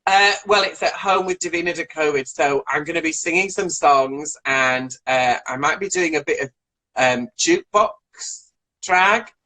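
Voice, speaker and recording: A man, a drag performer, chatting as a guest on a live video call, animated and playful with quick jokes. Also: a little high, low-quality recording. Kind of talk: casual live video chat interview.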